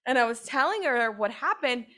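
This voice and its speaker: Animated woman telling a rambling story. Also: on the high side, moderate pace. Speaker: podcast co-host. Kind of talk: casual storytelling chat.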